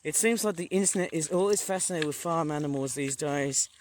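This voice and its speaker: A man from England vlogs as he walks around a farm, narrating casually, chatting with enthusiasm and cracking puns. His voice is fairly high and brisk, recorded outdoors on a handheld tablet with a little hiss or hum.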